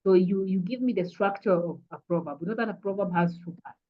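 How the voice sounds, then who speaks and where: A woman's voice: mid-range voice, fast, highs cut off. Kenyan woman teaching online, patient and repetitive. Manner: patient, repeats "kindly", frequent "uh" fillers. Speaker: English teacher. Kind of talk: online revision lesson.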